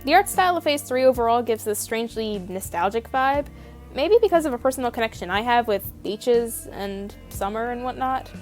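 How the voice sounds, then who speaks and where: A woman's voice: fairly high pitch, expressive, normal speed, soft background music. A young woman narrating a scripted video essay in a wry, opinionated, casually profane manner.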